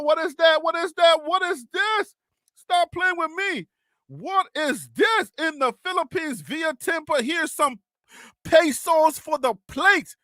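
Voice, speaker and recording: A man hosting a live sports stream, excitable and teasing, calling out chat names in what he calls his radio voice. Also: very high-pitched, no room sound, clean studio sound. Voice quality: self-described radio voice.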